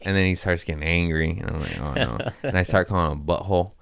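A comedian spins a rambling, profane road story, laughing at himself and jumping into the voices of the people in it. His voice sits low and smooth, and the sound is dry and close with no room around it. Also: fast, no room sound. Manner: animated, profane, laughs often, acts out his own quotes. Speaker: comedian telling stories on his podcast. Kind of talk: casual storytelling chat.

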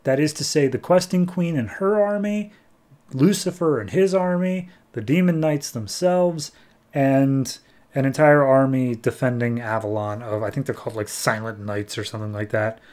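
A young man hosting a podcast, casually retelling a comic story and briefly voicing the characters' lines. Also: medium pitch. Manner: animated, slips into quick character voices when retelling dialogue. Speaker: podcast host.

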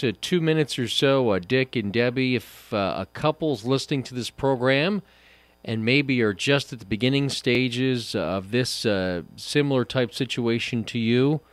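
A man's voice: mid-range voice, moderate pace, no room sound. Hesitant male radio host, dry sound. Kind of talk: hosting a Christian radio interview.

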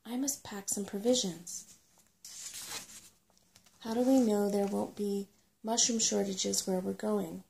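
A woman voicing a small, anxious, food-loving female brownie, her voice lifting high, in a whispered role-play. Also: steady tone, slow pace, gravelly, long pauses, a little mellow.

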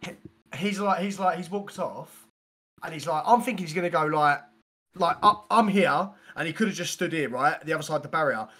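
A man's voice: on the high side, fairly quick. A man, a podcast co-host telling a rambling, slangy anecdote in casual chat. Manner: animated storyteller, slangy, grows loud when excited.

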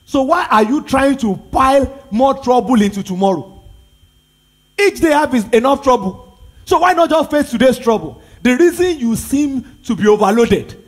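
A man's voice: extremely high pitch, lively intonation, moderate pace, husky. A Nigerian pastor, a man, preaching a sermon with emphatic repetition and rhetorical questions.

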